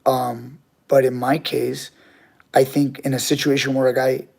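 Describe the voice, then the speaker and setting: A man's voice: mid-range voice, flat delivery, a little slow, gravelly, a little mellow. A man, a grappling coach and channel host, telling a story in casual chat with his viewers, candid and swearing freely.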